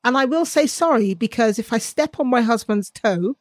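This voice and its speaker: A woman co-hosting a faith podcast in casual chat, lively and often laughing, who breaks into animated asides. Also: on the high side, normal speed, no echo, studio quality. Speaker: podcast co-host.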